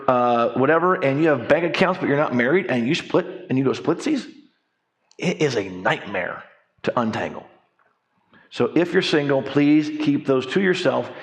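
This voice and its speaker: Lively storytelling man teaching a class. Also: on the high side. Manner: lively storyteller, acts out quoted voices, jokes. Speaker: financial coach teaching a church class. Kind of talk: conversational teaching talk with stories. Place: church hall.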